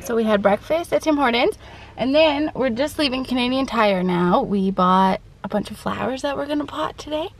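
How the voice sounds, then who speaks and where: A woman's voice: a little high, moderate pace, slight background noise. Nasal-sounding woman vlogging with a cold. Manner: chatty, giggly, talks sweetly to her children. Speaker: family vlogger. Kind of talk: casual vlog chat to camera. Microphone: handheld vlog camera.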